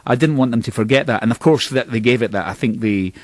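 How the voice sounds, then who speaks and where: A man's voice: mid-range voice, fast, dry recording. A middle-aged Scottish man, a band's singer, telling long rambling stories in a radio interview with a self-mocking, laughing manner. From Scotland. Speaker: band singer, interview guest.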